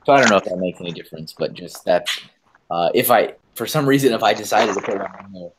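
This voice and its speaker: A man's voice: deep voice, fast talker, background noise. A man hosting a casual video-call chat, rambling and hesitant with many fillers. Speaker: host.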